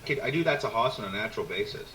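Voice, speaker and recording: A man's voice: medium pitch, animated, very fast, distant mic. A man co-hosting a podcast who teases the other host with short, dry remarks. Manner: teasing, brief dry interjections. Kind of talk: casual podcast banter. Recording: echoey, from off mic, with loud noise.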